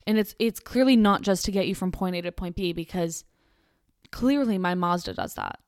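A woman's voice: on the low side, normal speed, no room sound, clean studio sound. A young woman in her twenties hosting a casual solo podcast, rambling chattily with lots of "like" and restarts. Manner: chatty, rambling, heavy use of "like". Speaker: podcast host.

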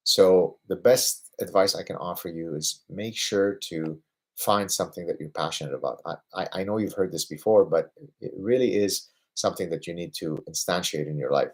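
A man in his fifties with a deep, slightly husky voice, hosting a livestream question-and-answer session. He argues his points emphatically, tagging them with rhetorical questions, and grows lively when he talks about work he loves. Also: moderate pace. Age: 50s. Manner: emphatic, with rhetorical "right?" tags; lively, getting excited about his passions. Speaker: host answering viewer questions.

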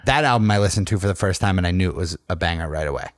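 A man's voice: low voice, racing, dry recording, clean studio sound. Joking man in casual podcast banter. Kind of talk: casual chat.

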